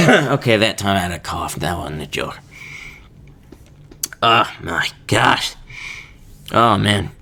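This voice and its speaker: A man's voice: sits low, lively intonation, slow pace, creaky, long pauses, pushed and bright, a little hiss or hum. A young man hosting a casual solo podcast, rambling and joking with laughs between his thoughts. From Kansas. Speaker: podcast host.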